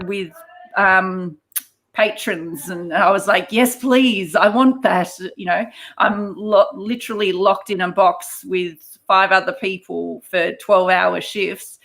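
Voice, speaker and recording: A woman's voice: medium pitch, vocal fry, a bit bright. A woman, a guest chatting casually about her casino work. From Australia. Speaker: podcast guest, casino surveillance worker. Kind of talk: casual interview chat.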